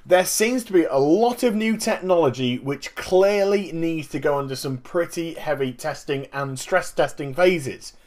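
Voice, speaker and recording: A man hosting a casual gaming commentary vlog, talking in an animated, emphatic way and explaining things step by step. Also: fairly high pitch, a little slow, few pauses. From Northern Hemisphere. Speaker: gaming video host.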